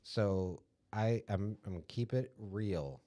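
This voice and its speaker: A young man with a very low voice tells a personal story on a podcast. He talks loosely, with plenty of fillers and self-corrections, in an easy conversational tone. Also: takes it slowly, warm tone. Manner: laid-back storytelling with fillers. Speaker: podcast co-host. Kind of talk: casual chat.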